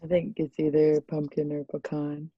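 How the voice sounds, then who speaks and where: Low husky woman student. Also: monotone, normal speed, warm tone, highs cut off. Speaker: culinary student. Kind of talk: classroom banter. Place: classroom.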